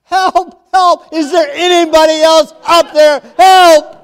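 A man voicing a desperate man hanging from a cliff branch, shouting and pleading in a high strained voice. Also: takes it slowly. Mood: panicked. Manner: frantic high shouting for help.

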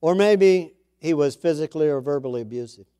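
A man's voice: a little high, expressive, fairly quick, warm tone, smooth. A man preaching a sermon to his congregation in a conversational way, with chatty asides and emphatic repeats of key words. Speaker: pastor.

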